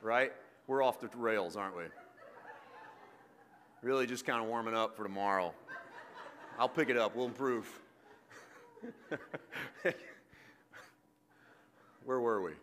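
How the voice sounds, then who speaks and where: A male preacher with a bright, forceful voice, delivering a sermon. He moves from loud, emphatic declarations to low, joking asides with his congregation. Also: slow, long pauses, a little hiss or hum. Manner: jokey, self-deprecating with the congregation.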